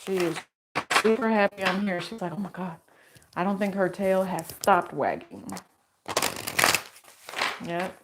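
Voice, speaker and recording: A woman's voice: lowish voice, lively intonation, unhurried, long pauses, heavy background noise. A middle-aged woman giving a casual tarot reading, chatty and rambling, laughing often as she talks. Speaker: tarot reader.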